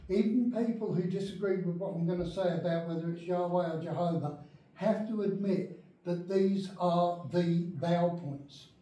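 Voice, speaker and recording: A man with a high-pitched, dark-toned voice speaks at normal speed while teaching an adult Bible class in a church meeting room. He is emphatic and often checks that his listeners are following. The room is very echoey and he stands far from the mic.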